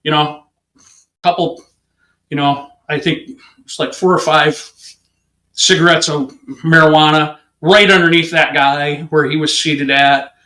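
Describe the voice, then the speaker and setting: A man, a police officer and interview guest, telling a story in a lively, conversational way and acting out the people in it. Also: a little high, unhurried, echoey room, poor audio. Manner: conversational, peppered with "you know". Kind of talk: animated anecdote telling.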